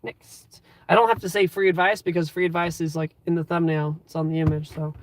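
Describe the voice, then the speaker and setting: A man's voice: fairly high pitch, little pitch movement, fairly quick. Upbeat twenty-something guy, live-streaming from the driver's seat; chatty and loose, full of ums. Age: 20s. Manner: rambling and upbeat, many fillers. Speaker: livestream host. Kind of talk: casual live stream chat. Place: inside his car.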